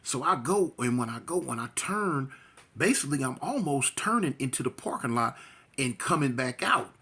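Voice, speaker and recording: A man telling a tense street story casually, animated and slangy, acting out the sounds himself. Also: medium pitch, moderate pace, husky.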